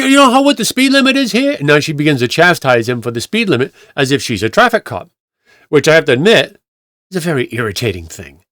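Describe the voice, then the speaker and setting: A man's voice: mid-range voice, fairly bright tone, no echo, clean studio sound. A male pastor telling stories in a rambling, conversational way, with frequent restarts and acted-out quotes. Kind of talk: conversational sermon storytelling.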